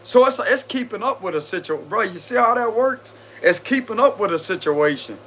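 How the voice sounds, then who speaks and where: On a live stream, a man reads tarot cards and chats casually with viewers in loose slang, giggling and repeatedly breaking into laughter. His voice sits high and a bit bright, animated at a normal pace, with slight background noise.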